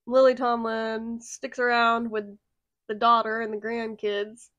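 A woman's voice: on the high side, little pitch movement, unhurried, fairly bright tone, no echo, lo-fi sound. A young woman giving a casual, profane movie plot recap, laughing often as she tells the story. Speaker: movie reviewer.

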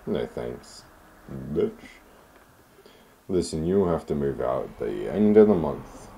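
A stiff, mock-formal young debt collector with a low, dark voice, as a man reads his lines. The delivery is flat and dry, sometimes blunt, with a lively rise and fall. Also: slow, creaky, slight background noise, heavily acted.

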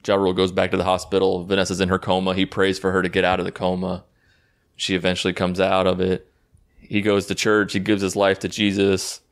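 A man's voice: sits low, completely flat delivery, brisk. A man giving a casual, rambling and sarcastic recap of a movie, swearing freely as he goes. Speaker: YouTube movie reviewer.

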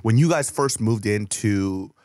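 Joking male podcast co-host, lively voice. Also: lowish voice, unhurried, dry recording, studio quality. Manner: joking, swears freely, laughs a lot. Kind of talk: casual podcast chat.

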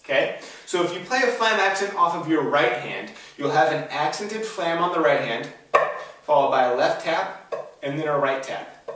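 A man's voice: a little high, animated, moderate pace, a bit bright, slight background noise. A man giving a drum lesson, upbeat and explaining step by step, with frequent "all right?" check-ins. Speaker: drum instructor. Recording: very echoey room, voice a bit far from the mic.

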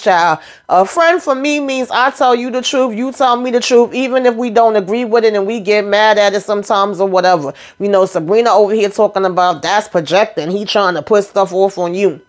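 A woman casually recapping a TV episode, chatty and animated, speaking frankly and mildly cursing as she calls out the characters. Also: mid-range voice. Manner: frank and blunt, with mild swearing. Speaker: TV episode reviewer.

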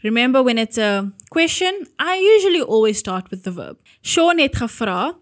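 A woman's voice: fairly high pitch, very animated, moderate pace. A woman teaching an online grammar lesson, upbeat and talking herself through each step, now and then correcting herself. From South Africa. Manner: upbeat, walks through steps aloud, self-correcting.

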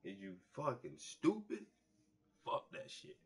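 A man hosting a painting show, telling stories in a loose, profane, animated way and acting out the people he quotes. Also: medium pitch, slow pace, creaky, husky. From United States. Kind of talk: casual storytelling monologue.

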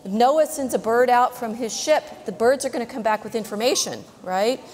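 Lively lady reading to kids, keeps asking questions, highish voice, long echo in a big church. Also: moderate pace. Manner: lively, asks questions, says "right?" often. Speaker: reader to children. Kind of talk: reading a picture book aloud with commentary. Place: large church.

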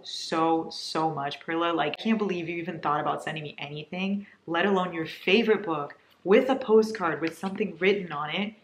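A young woman vlogging as she opens book mail, gushing and excitable in a casual chat. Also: lowish voice, normal speed, few pauses. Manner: gushing, excitable, breathless with delight. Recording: echoey room with faint noise.

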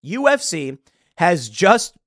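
A man hosting an opinion show, delivering a sarcastic, animated commentary monologue from a studio. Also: sits high, slow pace, dry recording. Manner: sarcastic, animated, mocks with put-on quotes. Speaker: host.

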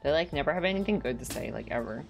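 A woman with a deep, low-pitched voice chats casually at home while she plays a game. She rambles and leans on "like" constantly, and she gets worked up whenever a pet peeve comes up. Soft music plays faintly behind her. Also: lively intonation, very fast, vocal fry. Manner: rambling, heavy use of "like"; gets heated when annoyed. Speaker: streamer. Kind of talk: casual chat while gaming.

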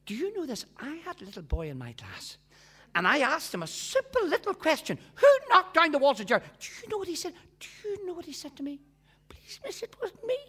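A man voicing an exasperated female schoolteacher who is shrill and indignant. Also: huge pitch swings, fast, sharp tone, exaggerated voice.

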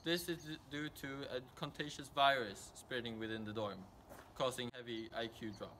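A man's voice: medium pitch, fairly even intonation, moderate pace, sharp tone, a little hiss or hum. Young man in a mock news report. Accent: Swedish. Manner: mock-serious reporter delivery. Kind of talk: comedy sketch parody of a news report.

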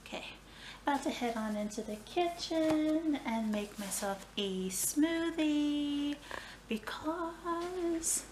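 A worn-out woman chats through her vlog from her kitchen, a little short of breath and fond of mock-dramatic exaggeration. Her phone on a selfie stick picks her up at close range, with clear background noise and occasional clicks under her voice. Her pace is slow and unhurried. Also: sits high, expressive, reverberant. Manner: chatty, dramatic sighs and playful exaggeration. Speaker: vlogger. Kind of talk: casual vlog chat. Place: home kitchen.

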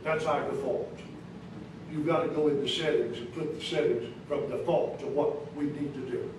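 A pastor preaching a sermon in a church, speaking emphatically with rising questions and sudden soft drops, with an American accent. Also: male voice, on the high side, fairly even intonation, moderate pace. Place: church sanctuary. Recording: echoey church recorded from a distance, noisy.

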